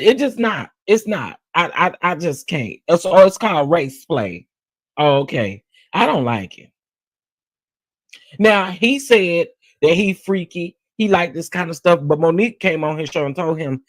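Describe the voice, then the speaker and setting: With a slightly high voice and no room sound, a celebrity gossip channel host speaks directly to his audience, addressing them as "y'all." His commentary is sassy and casual, and he repeats phrases to drive points home.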